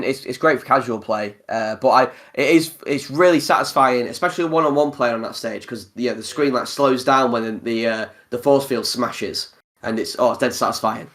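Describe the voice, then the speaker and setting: A man hosts a casual gaming chat, talking in long, winding stretches. His voice sits at an ordinary middle pitch. His delivery is animated and loose. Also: moderate pace. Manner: rambling, animated, laughs often. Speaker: podcast host.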